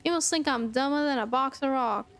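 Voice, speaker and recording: Casting: a woman reading a boastful 1940s husband, a slow swaggering drawl in a fairly high voice. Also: fairly bright tone. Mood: defensive. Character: smug, swaggering 1940s husband and would-be writer.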